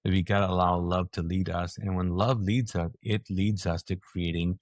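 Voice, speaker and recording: Animated lowish-voiced male pastor. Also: normal speed, no room sound. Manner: energetic, acts out quoted reactions with rising pitch. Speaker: pastor and author, podcast guest. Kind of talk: animated conversational preaching.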